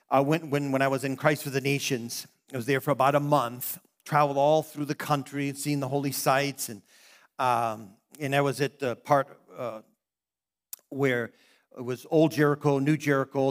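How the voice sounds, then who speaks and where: A man's voice: mid-range voice, a bit bright. A middle-aged man, a pastor, preaching a sermon in a conversational way, often stopping and restarting his sentences.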